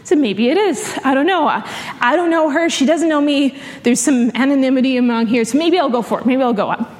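Young woman preacher, higher voice, lively storyteller who laughs easily; echoing church hall. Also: a little fast. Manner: animated storytelling with frequent laughs. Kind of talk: sermon. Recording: long hall reverb.

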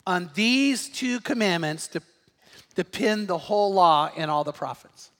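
Male pastor, higher register, emphatic storytelling sermon in a reverberant sanctuary. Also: lively intonation, unhurried. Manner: storytelling, emphatic, rises to shouts on key points.

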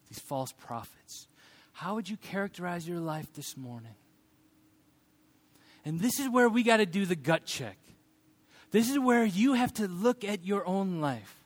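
A pastor in his thirties delivers a sermon in a fairly high, lively voice. He mixes humor with earnest teaching and swings his voice into little acted quotes.

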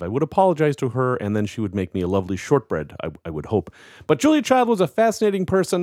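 A man co-hosting a podcast, telling facts as lively stories in casual chat. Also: a little high, dry recording, clean studio sound. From United States. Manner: lively storytelling, explaining facts with jokes. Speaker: podcast co-host.

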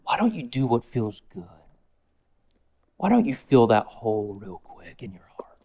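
A man voicing a sly, tempting male devil in a hushed, coaxing whisper, as whispered role-play. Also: medium pitch, sing-song, measured pace, husky, voice pushed down, full character voice.

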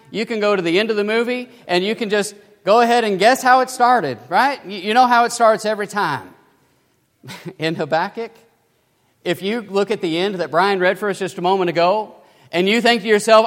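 A man's voice: high-pitched, normal speed, fairly bright tone. A man preaching a sermon as pastor, emphatic and full of rhetorical questions, recorded in a church sanctuary. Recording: long hall reverb.

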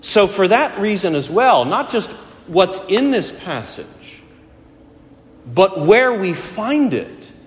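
A middle-aged man preaching a sermon in a church, conversational and gently humorous. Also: on the high side. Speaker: pastor. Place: church sanctuary. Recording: echoey church hall.

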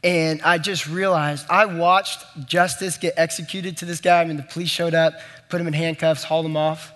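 Long hall reverb surrounds a young pastor whose voice sits on the high side, bright and level, at normal speed. Earnest and conversational, he shares a personal story in his sermon and addresses the room directly.

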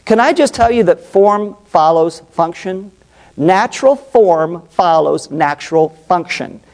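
Middle-aged guy preaching hard, big swings in pitch, keeps asking the crowd questions. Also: animated, measured pace, a little mellow. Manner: passionate, emphatic, asks the congregation questions. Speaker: pastor and psychologist. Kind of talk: sermon.

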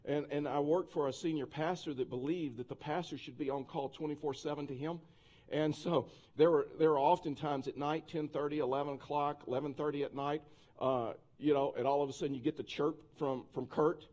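A male pastor preaching a sermon, telling a personal anecdote in a lively, conversational way with many restarts and asides. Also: fairly high pitch, fairly quick.

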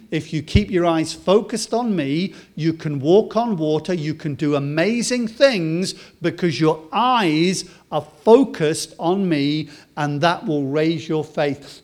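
A British man preaching a sermon, swinging from loud, emphatic lines to soft, slow, drawn-out words. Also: fairly high pitch. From Britain.

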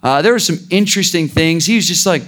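A man's voice: on the high side, quick pace, fairly bright tone. A man preaching a sermon in an informal, conversational way, with sarcastic asides and frequent restarts. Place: church.

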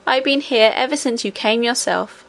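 A woman voicing an ancient, gentle queen and great-great-grandmother, speaking calmly and assuredly. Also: a little high, moderate pace, vocal fry.

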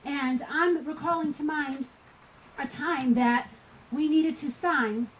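A woman's voice: high-pitched, slow, slight background noise, poor audio. A woman preaching at a gospel tent meeting, telling a personal story earnestly, sometimes laughing.

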